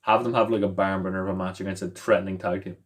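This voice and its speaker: A man's voice: deep voice, little pitch movement, fast talker. A man co-hosting a wrestling podcast in casual chat, rambling and swearing freely, restarting his sentences. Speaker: podcast co-host.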